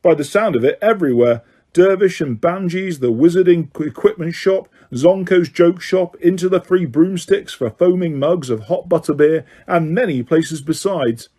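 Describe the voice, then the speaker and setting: A man reading an audiobook, voicing an excited, chatty teenage boy. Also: on the high side, moderate pace, close to an everyday voice. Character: cheerful teenage boy, eager friend.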